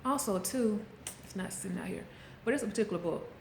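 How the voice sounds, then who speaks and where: A woman's voice: medium pitch, quick pace, gravelly, a little hiss or hum. Candid middle-aged woman vlogging in an echoey room. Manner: candid, coaching, talks straight to viewers. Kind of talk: casual motivational vlog. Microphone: handheld camera. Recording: echoey room, faint background ambience.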